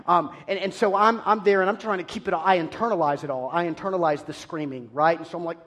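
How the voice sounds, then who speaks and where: A man preaching a sermon, telling an animated, self-deprecating story about himself. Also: high voice, fast.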